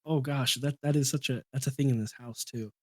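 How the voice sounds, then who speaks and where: A man's voice: medium pitch, steady tone, brisk. A man in his thirties, a podcast guest, telling a rambling story with many restarts and chuckles. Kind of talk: casual storytelling chat.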